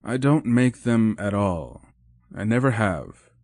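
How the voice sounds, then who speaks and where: A man's voice: fairly low pitch, sing-song, takes it slowly, a little mellow, no room sound, clean studio sound, pitched above the performer's own voice, exaggerated voice. A man voicing a lonely, proper older woman in an audiobook, formal and hesitant in speech. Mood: wistful, formal. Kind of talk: audiobook character voice.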